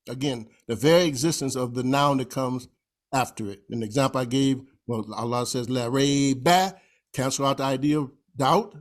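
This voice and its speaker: Male presenter, mid-range voice, patient emphatic lecture style, drawn-out recitations. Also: mid-range voice. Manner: explains by slowly repeating recited phrases. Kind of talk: slideshow lecture on grammar. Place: presentation at a convention.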